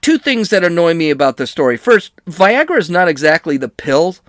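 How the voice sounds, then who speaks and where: A man's voice: on the high side, very animated, a little fast, no echo. A middle-aged man hosting a podcast, reading news and adding sarcastic asides with frequent restarts. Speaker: podcast host. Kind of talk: casual news commentary.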